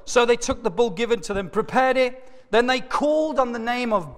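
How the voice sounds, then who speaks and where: A man preaching in a church, retelling a Bible story with animated asides and chuckles. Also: high-pitched, normal speed. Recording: echoey church hall.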